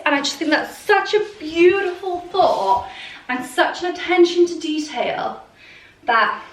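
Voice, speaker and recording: A young woman with a British accent talks her way through a dress haul, enthusiastic and full of "like" and "um". Her voice sits high, and she sounds a little far from the mic in a roomy, echoey space at home. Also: a bit bright. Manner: gushing, chatty, lots of "like" and "um". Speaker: fashion vlogger. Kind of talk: casual try-on haul chat. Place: room at home with a heater. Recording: roomy echo, mic at a distance.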